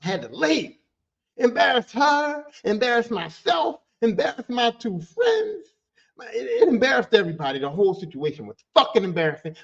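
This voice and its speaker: A man hosting a podcast who tells a story in a casual monologue. He talks with animated energy, swears freely and repeats phrases for emphasis. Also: very high voice, normal speed, vocal fry, highs cut off. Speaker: podcast host.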